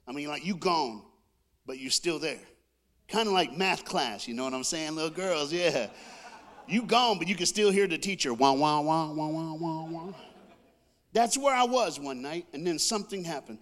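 Give me an animated man preaching a sermon through a comic story, slightly high-pitched. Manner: animated, comic, with sound effects and call-and-response.

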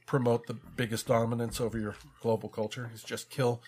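Dry, wordy podcast co-host, middle pitch, noisy recording with clicks. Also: male voice, little pitch movement, brisk, a little mellow. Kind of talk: casual chat.

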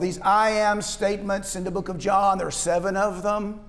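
A man's voice: high voice, flat delivery, moderate pace, fairly bright tone. A man preaching a sermon, often restarting and repeating words and asking rhetorical questions. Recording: long reverb of a large hall.

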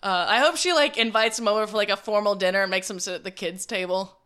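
A chatty woman from the United States, talking with friends and laughing through her stories. Her voice is smooth and clear, at a middle pitch. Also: fast talker, fairly bright tone. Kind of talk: casual chat.

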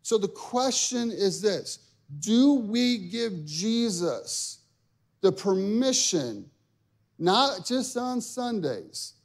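A man's voice: sits high, big pitch swings, very slow. A man, a pastor in his younger adult years, preaching a sermon in a conversational, joking way and acting out people's inner thoughts.

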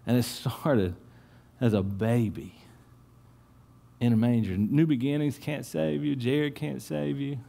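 A man preaching a sermon in church, telling stories with lively swings and dropping to a hushed tone for prayer. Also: mid-range voice, unhurried, creaky, pauses often. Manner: animated storytelling, repeats words, drops to a hushed tone in prayer. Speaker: pastor.

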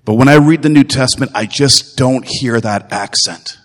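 A man's voice: medium pitch, moderate pace, a bit bright, big-room sound. A man preaching a sermon as pastor, earnest and emphatic, repeating phrases and putting direct questions to his listeners.

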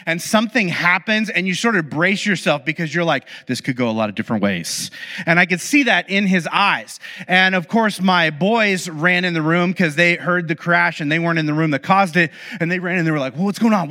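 A man telling a personal story in a casual, animated, conversational way, often saying "like". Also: on the high side, in a large hall. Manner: conversational and animated, heavy use of "like". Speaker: speaker sharing personal stories.

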